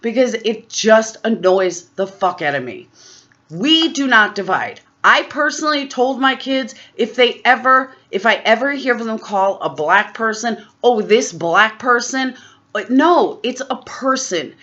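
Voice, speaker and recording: Woman ranting, profane, lively pitch. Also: a little slow, muffled recording. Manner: heated, profane, blunt. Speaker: vlogger. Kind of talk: political rant to camera.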